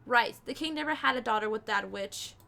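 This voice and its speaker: A woman's voice: on the high side, brisk, vocal fry, pushed and bright. A woman voicing a rude, scornful shopkeeper. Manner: harsh, scornful and bossy.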